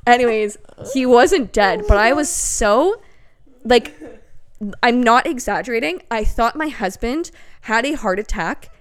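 A young woman co-hosting a podcast, telling a story in lively casual chat with lots of fillers. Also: a little high, measured pace. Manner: animated storyteller, filler-heavy. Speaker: podcast co-host.

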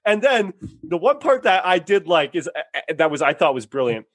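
A man with a fairly high voice rants through a casual podcast review, blunt and profane, and slips into exaggerated mocking voices. The sound is dry and close. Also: very animated, moderate pace, a bit bright, no echo. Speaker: podcast co-host. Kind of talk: casual chat, ranting review.

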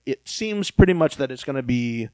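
A man's voice: mid-range voice, expressive, normal speed, darkish tone, dry recording, low-quality recording. Man chatting in a dry room. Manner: chatty, gossipy, acts out quotes of others. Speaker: podcast co-host. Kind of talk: casual chat about reality TV.

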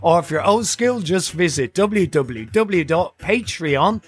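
A man's voice: on the high side, lively intonation, a little slow, breathy edge. Playful man hosting a podcast. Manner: playful, jokey, upbeat presenting. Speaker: podcast host. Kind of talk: scripted podcast intro and preview.

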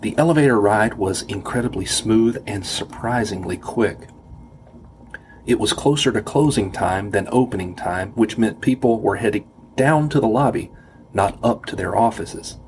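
Low voiced guy reading his first-person story, dry wry tone, faint hiss behind. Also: moderate pace, a little mellow. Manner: wry, self-deprecating. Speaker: audiobook narrator. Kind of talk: first-person scripted narration.

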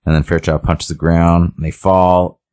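A man with a very low, deep voice chats casually as a podcast co-host, walking through a story's plot. He rambles loosely, leaning on "like" as he goes, and slips briefly into the characters' lines as he tells it. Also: moderate pace, smooth. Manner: animated storyteller, briefly acting out quoted lines; loose and rambling, many "he's like" and "like" fillers. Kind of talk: casual chat retelling a show's plot.

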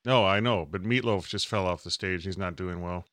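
A man's voice: sits low, normal speed, a bit bright, no echo, clean studio sound. Joking male podcast co-host. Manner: jokey, drops into silly put-on voices. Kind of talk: casual comedic chat.

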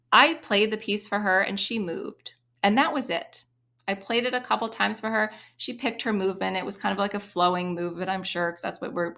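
Animated woman piano teacher. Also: mid-range voice. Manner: animated, sings rhythm syllables to demonstrate. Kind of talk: interview explanation with sung examples.

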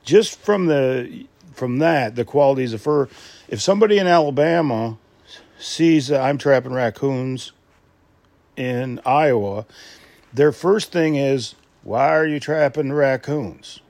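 A man talking loosely on his own podcast, doubling back and restarting his sentences as he goes. His voice sits at an ordinary middle pitch and is recorded very dry, close to the microphone. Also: animated, measured pace, vocal fry, darkish tone, no room sound. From Michigan. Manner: rambling, with many restarts and filler asides. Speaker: podcast host. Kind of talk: casual solo podcast talk.

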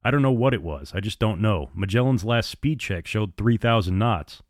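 Brief: low-voiced terse captain, curt orders, read by a male narrator. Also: lively intonation, moderate pace, dry recording, clean studio sound, natural voice. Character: gruff male airline captain, terse and commanding.

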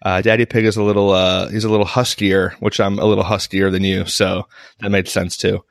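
A man's voice: low voice, flat delivery, fairly quick, vocal fry, no room sound, clean studio sound. A man co-hosting a podcast in casual banter, rambling with restarts and laughing often. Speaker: podcast co-host. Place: home.

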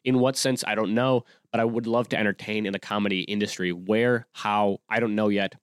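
A man's voice: fairly low pitch, steady tone, a little fast, clear, resonant tone, no room sound, studio quality. A man in his twenties hosting a solo podcast, talking casually in a rambling way with many restarts and fillers. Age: 20s. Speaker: podcast host.

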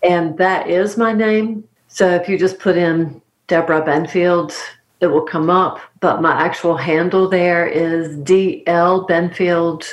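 A woman with a Southern US accent, a podcast guest speaking in a slow, soothing way as she guides a mantra. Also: fairly low pitch, steady tone, lo-fi sound. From North Carolina. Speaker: guest, dietitian and yoga teacher. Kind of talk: podcast interview.

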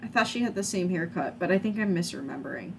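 A woman's voice: fairly low pitch, expressive, fast talker, darkish tone, slight background noise. A woman co-hosting a podcast, chatting casually and bluntly about a movie, swearing now and then. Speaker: podcast co-host. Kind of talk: casual movie review chat.

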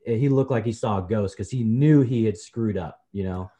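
A man in his forties, a podcast guest, telling personal stories in a relaxed, chatty way, often saying "you know" and calling the host brother. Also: fairly low pitch, normal speed. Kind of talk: personal storytelling in a conversation.

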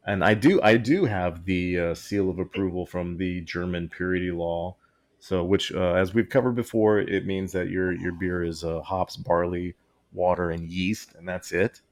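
A man's voice: sits low, fairly even intonation, moderate pace. A man co-hosting a podcast in casual chat, rambling and often breaking into laughter mid-sentence. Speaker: podcast co-host.

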